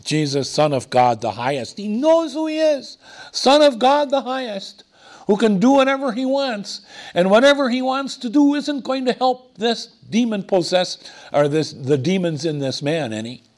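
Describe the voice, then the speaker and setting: A man preaching a sermon, animated and digressive, with dramatic emphasis. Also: very high-pitched, moderate pace.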